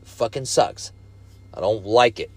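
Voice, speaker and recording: A man's voice: lowish voice, unhurried, slightly rough, no room sound. A young man telling a casual story in a blunt, rambling way, swearing constantly.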